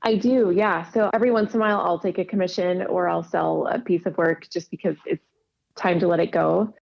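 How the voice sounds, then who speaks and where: A woman's voice: fairly low pitch, steady tone, fairly quick, vocal fry. A woman casually telling stories in an interview, laughing often and acting out quoted dialogue. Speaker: podcast guest, quilter. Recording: dull lo-fi audio.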